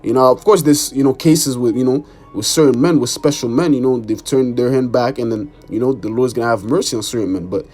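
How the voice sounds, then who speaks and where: A man's voice: mid-range voice, brisk, few pauses, a little mellow, soft background music. A man preaching an informal sermon and reading scripture, emphatic, repeating "man" and cursing for emphasis. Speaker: street preacher.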